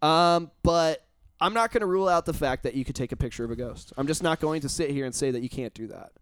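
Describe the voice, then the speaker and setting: A man's voice: fairly high pitch, fast, a bit bright. A man talking casually on a podcast, rambling and emphatic, swearing often. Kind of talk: casual chat.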